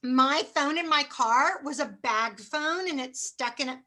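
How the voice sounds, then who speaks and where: A middle-aged woman giving a chatty, self-mocking motivational sales training talk, acting out phone pitches. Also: measured pace, bright, forceful tone.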